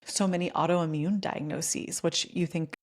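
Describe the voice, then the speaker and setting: A woman podcast host with a lowish voice, chatting casually. She fills her talk with "like" and laughs in between. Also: fairly even intonation, moderate pace. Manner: chatty, frequent "like" fillers, laughing asides.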